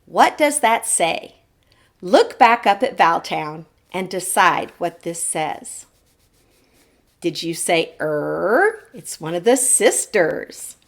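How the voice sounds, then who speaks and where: A woman teacher leads a phonics lesson for children on a televised show. Her pace is slow and unhurried, and her pitch rises and falls a great deal as she models each sound. She asks the children to say the sounds back to her. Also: animated. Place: TV studio lesson set.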